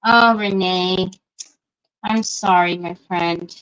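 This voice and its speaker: A woman's voice: on the low side, fairly even intonation, slow, a bit bright, smooth. A middle-aged woman, chatting casually and greeting viewers by name while she crafts on a livestream. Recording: dull lo-fi livestream audio.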